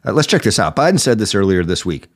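A man's voice: on the low side, very animated, fast. A man hosting a political podcast, giving indignant commentary with a sore throat. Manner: indignant, rising emphasis. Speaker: podcast host.

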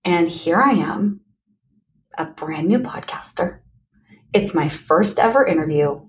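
A woman hosting her own podcast, talking candidly and earnestly to listeners in a motivational pep talk, speeding up then slowing on key words. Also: fairly low pitch, expressive. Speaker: podcast host.

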